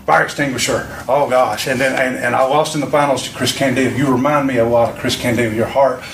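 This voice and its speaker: Veteran wrestler's rambling pep talk. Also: male voice, medium pitch, steady tone, quick pace. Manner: rambling, emphatic, repeats himself. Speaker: veteran wrestler coaching a young wrestler. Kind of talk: motivational pep talk from a promo video. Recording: echoey, distant, noisy room.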